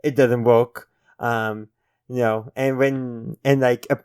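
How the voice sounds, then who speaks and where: A man's voice: mid-range voice, little pitch movement, slow, a little mellow, clear, resonant tone, dry recording. A man hosting his own channel, casually reviewing a TV episode in a rambling, self-correcting way and chuckling now and then. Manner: friendly sign-off to viewers.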